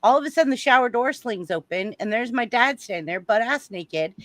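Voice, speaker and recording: On a casual livestream, a woman with a slightly high, brisk voice recounts a personal story, recorded without echo. She's animated, acting out the different voices and shrieking and laughing when the big moments hit.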